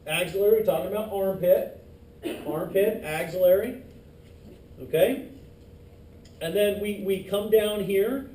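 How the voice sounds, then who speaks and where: A man teaching an anatomy class in a lively, joking way, teasing his students as he goes. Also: sits high, measured pace, pauses often. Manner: lively, jokey, teases students. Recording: echoey classroom, distant mic, faint hiss.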